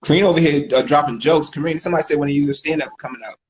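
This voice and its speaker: A man's voice: a little high, steady tone, rapid-fire, poor audio. A man with a Washington DC accent co-hosting a casual live chat, laid-back and joking. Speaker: co-host.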